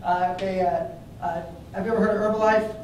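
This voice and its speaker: A young adult man giving a lively motivational training talk to a live group, telling stories and putting questions to the audience. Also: high-pitched, fairly quick, a little hiss or hum. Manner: energetic, storytelling, asks the audience questions. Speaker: network marketing trainer. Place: training room before an audience. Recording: very echoey room, mic at a distance.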